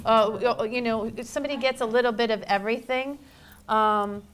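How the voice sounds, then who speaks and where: A woman who works as a medium, speaking to her grief support group in a halting, emotional way with many pauses and restarts. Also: fairly high pitch, fairly even intonation, a little hiss or hum. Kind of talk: heartfelt group address.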